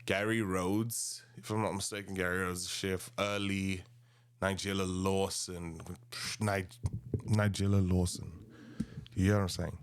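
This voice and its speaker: A man in his thirties with a South African accent, rambling and animated as he tells casual stories about his past. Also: low-pitched, moderate pace, clean tone. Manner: rambling, animated, restarts often. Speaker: podcast host. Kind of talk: casual storytelling monologue.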